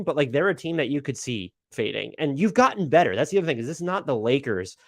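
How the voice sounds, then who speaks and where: A man's voice: on the high side, sing-song, brisk, hardly any pauses, dry recording, studio quality. A man hosting a live basketball talk stream, casual and rambling, swearing and stammering with lots of fillers. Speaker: NBA podcast host.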